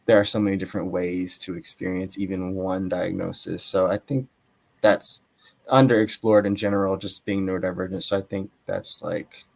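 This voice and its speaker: Low-voiced young man, losing his voice. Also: steady tone, moderate pace, gravelly. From Atlanta, Georgia. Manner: thoughtful, hedging, frequent fillers. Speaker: author guest. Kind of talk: casual interview talk.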